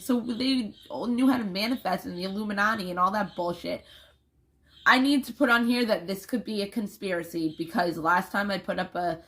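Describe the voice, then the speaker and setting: A woman's voice: mid-range voice, moderate pace, a bit bright. A young woman talking casually to camera in a rambling, emphatic vlog, swearing freely.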